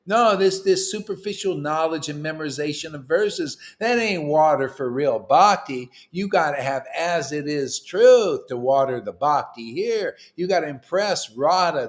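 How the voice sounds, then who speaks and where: A man giving an informal, animated spiritual talk to a group, streetwise in tone and swinging between loud bursts and hushed asides. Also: a little high. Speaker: spiritual teacher leading a devotee meetup. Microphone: livestream mic.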